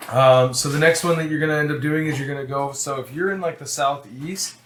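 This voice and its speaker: A man's voice: fairly high pitch, fairly quick, slight background noise. Game master guy rambling through the scene, casual, echoey room. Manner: casual, rambling, many restarts. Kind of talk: narrating a tabletop game.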